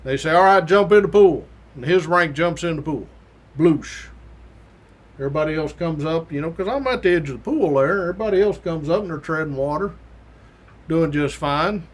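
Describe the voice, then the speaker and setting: A man's voice: a little high, brisk. A man hosting his own show, telling a story from his academy days in a casual, folksy way with mild swearing and acted-out quotes. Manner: acts out the quoted voices of others.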